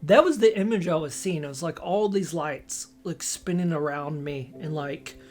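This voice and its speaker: A man's voice: a little high, moderate pace, a little mellow, soft background music. A young man candidly recounting a personal story to camera, rambling and emotional, often restarting his sentences. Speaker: vlogger.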